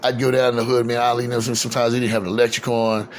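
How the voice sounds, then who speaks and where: A man's voice: mid-range voice, level tone, racing, slight background noise. A man casually recounting his youth in the neighborhood, slangy and profane, rambling with lots of "you know what I'm saying.". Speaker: storyteller recalling his neighborhood. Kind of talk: casual spoken memoir.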